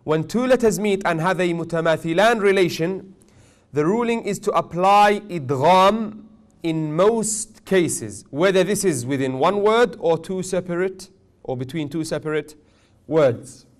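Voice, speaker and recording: A man teaching a tajweed class, questioning his students often and joking gently. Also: high-pitched, expressive, unhurried. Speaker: Quran recitation teacher.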